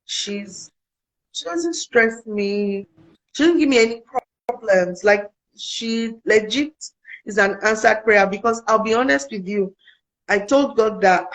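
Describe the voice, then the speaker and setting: A young African woman, a guest in a casual interview, earnestly and animatedly recounts a personal story, voicing the dialogue of the people in it. Her voice is a little high and a little slow, and the recording is rough.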